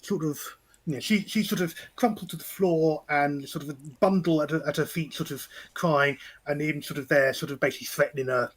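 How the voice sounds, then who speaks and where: A man's voice: a little high, steady tone, fairly quick, hardly any pauses. A man running a tabletop game as game master, talking in a hesitant way with many fillers and restarts. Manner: hesitant, lots of "sort of" and restarts.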